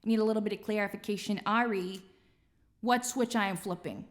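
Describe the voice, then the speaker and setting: A woman's voice: mid-range voice, brisk. A woman streamer chatting casually between songs, playful and rambling as she muses aloud. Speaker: streamer and singer.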